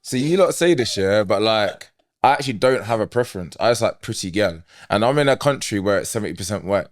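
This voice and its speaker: Low-voiced man hosting a chat. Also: expressive, fast talker. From England. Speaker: podcast host. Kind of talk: casual podcast chat.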